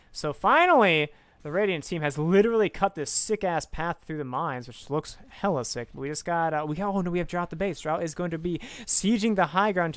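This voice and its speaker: A young man casting a video game with excitable, swearing, self-mocking commentary, talking close to his microphone. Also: fairly high pitch, clean tone, no room sound. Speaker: game caster. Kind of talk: casual esports commentary.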